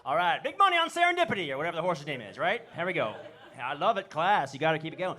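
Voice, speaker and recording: A man doing a stand-up comedy set on a club stage, rambling and self-deprecating, now and then shouting in goofy character voices. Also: a little high, sing-song, fast.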